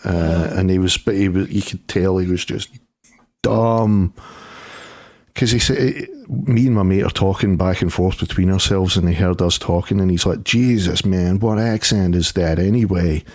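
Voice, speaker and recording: A man's voice: low voice, steady tone, darkish tone. A middle-aged Scottish man telling stories in a casual chat, laughing easily. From Scotland. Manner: storytelling, quick to laugh. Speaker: co-host.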